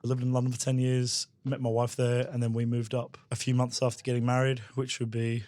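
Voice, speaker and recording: A man's voice: mid-range voice, completely flat delivery, fairly quick, darkish tone, dry recording. A man, a chef who co-owns a restaurant, chatting in a laid-back, jokey way with the odd casual swear. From Blue Mountains near Sydney, Australia. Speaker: chef, restaurant co-owner, guest. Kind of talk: casual podcast chat.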